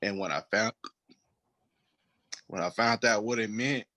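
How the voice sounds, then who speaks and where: Slow-talking tipsy man with hiccups. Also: on the low side, bright, forceful tone. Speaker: podcast co-host. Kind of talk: casual chat.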